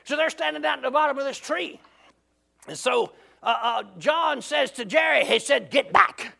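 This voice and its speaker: A man preaching, telling a folksy story in a lively, drawling way. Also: very high voice, normal speed, creaky.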